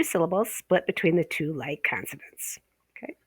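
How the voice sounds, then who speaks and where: A woman teaching a pronunciation course, explaining step by step, tagging "okay?" onto her points and drawing out example words slowly. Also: on the low side, animated, slightly rough, no echo. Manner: explanatory, checks in with frequent "okay?"; slows and stretches example words. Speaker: ESL teacher trainer. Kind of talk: online course lesson.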